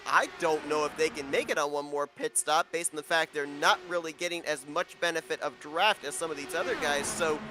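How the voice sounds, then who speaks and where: A male play-by-play race commentator with a bright, forceful voice pitched a little high. He talks in a relaxed, chatty way, often pausing on fillers. A faint hiss of noise sits under his voice. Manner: conversational, with frequent fillers. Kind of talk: live racing commentary.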